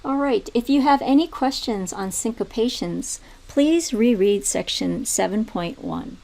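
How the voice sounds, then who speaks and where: A woman teaching music theory in a video tutorial, explaining step by step in a calm way and now and then singing rhythms aloud. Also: on the high side, unhurried, creaky.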